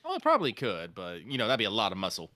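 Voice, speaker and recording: A man's voice: on the low side, wildly swooping pitch, rapid-fire, sharp tone. A man casually commentating a game with a friend, reacting playfully to each twist. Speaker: let's play co-host.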